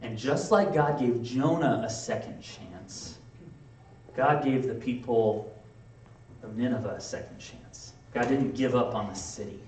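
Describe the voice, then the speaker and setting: A man preaching a sermon in a casual, conversational way, acting out quick playful asides. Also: medium pitch, a little mellow, slight background noise. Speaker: pastor. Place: church sanctuary. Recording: echoey room, mic from a distance.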